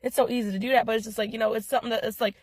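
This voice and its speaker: Hoarse, weary young woman talking to camera. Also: fairly high pitch, steady tone, very fast, dry recording. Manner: weary, rambling, repetitive, exasperated. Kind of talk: casual social media vlog.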